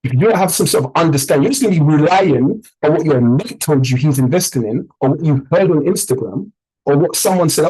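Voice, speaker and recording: A man's voice: medium pitch, brisk, mellow, slightly rough, poor audio. A man with a British accent, a trading mentor giving an emphatic, conversational motivational talk to a group, often checking in with "yeah?". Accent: British English.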